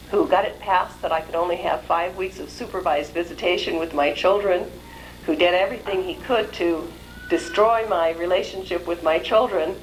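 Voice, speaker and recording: This old, low-quality recording of a talk in a lecture hall has a faint hiss beneath it. A middle-aged woman, her voice fairly low, shares a personal story with the audience in a lively way, imitating the people she quotes.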